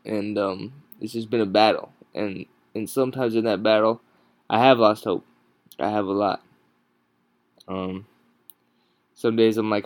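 A man hosting a podcast from home without a proper microphone, exhausted and yawning, talking haltingly with many pauses and restarts. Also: on the low side, dry recording. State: exhausted, sleep-deprived. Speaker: podcast host. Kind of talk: casual solo podcast talk. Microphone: no proper microphone, home recording.

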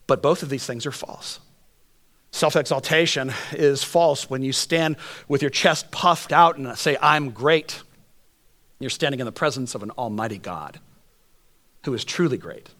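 A pastor preaches, and his storytelling is animated and full of jokes. Every so often he shifts fast into a quiet, sincere low register.

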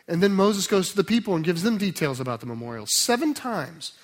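A man preaching a sermon, explaining scripture in a conversational way, then reading a passage aloud slowly and softly. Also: high-pitched, sing-song. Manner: conversational teaching with restarts, slow and soft when reading scripture.

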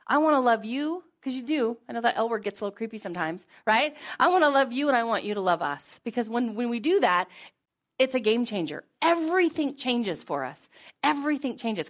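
A woman hosting a motivational business talk, energetic and emphatic, repeating phrases for emphasis, casual with mild swearing. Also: on the high side. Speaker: podcast host and business leader.

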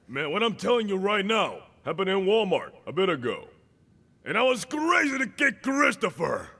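A man preaching with a lively, high and bright voice, full of swings. He acts out dialogue and bursts into shouts. The sermon rings through a reverberant hall. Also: normal speed, husky. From Dominican Republic.

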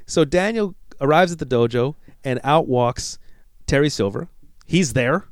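Podcast guy recapping a movie, animated, dry close mic. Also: medium pitch, a little slow, no room sound. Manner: storytelling recap, animated, laughs at himself. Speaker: podcast co-host. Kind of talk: casual podcast movie breakdown.

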